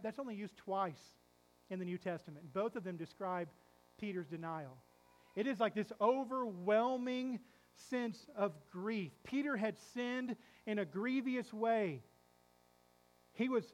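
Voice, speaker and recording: A middle-aged male pastor preaching a sermon, telling a story dramatically, quizzing the congregation and dropping to a hush for emphasis. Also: sits high, low-quality recording. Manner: dramatic storytelling, asks the congregation questions, swings from loud to hushed.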